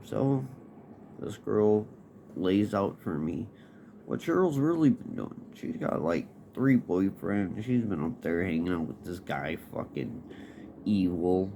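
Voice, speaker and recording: A man's voice: deep voice, lively intonation, slow pace, mellow. A man casually telling a personal story in a laid-back, profane, rambling way. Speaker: podcast host. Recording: noisy background hiss.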